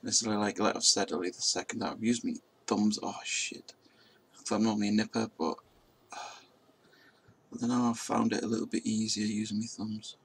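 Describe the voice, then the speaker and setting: A man's voice: on the low side, little pitch movement, a little fast, slight background noise. A man chatting casually and mocking himself as he flies a simulator, swearing now and then. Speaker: drone pilot vlogger. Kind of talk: casual commentary while flying a simulator. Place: indoors at a table.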